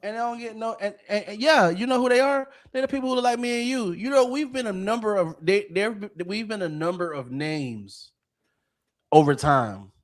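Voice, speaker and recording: A man's voice: high-pitched, expressive, moderate pace. A man hosting a podcast, ranting in a heated, profane way and often restarting his sentences. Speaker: podcast host. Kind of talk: casual podcast rant.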